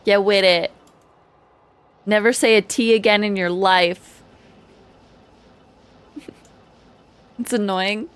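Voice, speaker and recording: Young gal on a game stream, giggly, teasing chat about slang, mid-pitched voice. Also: female voice, steady tone, slow, long pauses, smooth. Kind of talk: casual live-stream chat.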